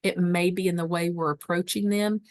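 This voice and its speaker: Woman teaching caregivers on a webinar, lowish voice, emphatic, says things over and over, dry close sound. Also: fairly even intonation, normal speed, no echo. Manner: warm, emphatic teaching with repeated phrases. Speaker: dementia care educator. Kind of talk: webinar presentation.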